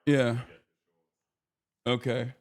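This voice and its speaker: A man's voice: mid-range voice, level tone, drawn-out words. A man hosting a livestream, ranting profanely at his chat while commenting on the news. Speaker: streamer host.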